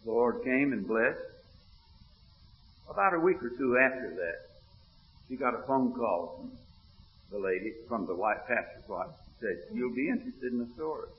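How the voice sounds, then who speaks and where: A man's voice: moderate pace, pauses often. A man preaching a sermon, telling a story with quoted dialogue, then rising into emphatic preaching. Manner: animated, retells dialogue in a low voice, rises when preaching. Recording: muffled recording in an echoey hall.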